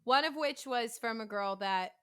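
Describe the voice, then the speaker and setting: A woman hosting a casual interview podcast, telling lively, self-mocking stories and swearing freely. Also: a little high, normal speed, smooth. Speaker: podcast host and voice teacher.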